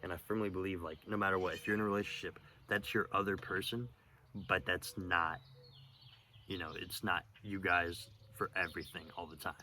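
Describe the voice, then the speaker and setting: A young man telling a personal story in a rambling, profane, halting way, with lots of fillers, outdoors. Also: sits low, steady tone, sharp tone, slight background noise. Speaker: vlogger. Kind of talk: casual storytelling monologue.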